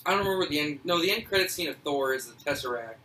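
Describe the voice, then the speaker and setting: A man's voice: on the high side, expressive, very fast, sharp tone. A young man co-hosting a casual podcast, teasing and full of movie trivia. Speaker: podcast co-host. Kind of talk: casual chat. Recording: echoey room, faint noise.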